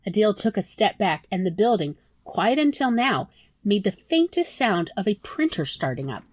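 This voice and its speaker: A woman narrating her own story in a soft, emotional audiobook style. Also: medium pitch, big pitch swings, normal speed, no room sound. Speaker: author reading own story.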